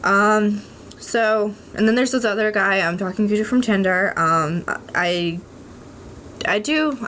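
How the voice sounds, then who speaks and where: A woman's voice: mid-range voice, normal speed, a bit bright, a little hiss or hum. A young adult woman vlogging at home, talking candidly to camera in a rambling way, with many ums, restarts and frank swearing. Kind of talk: candid casual talk to camera.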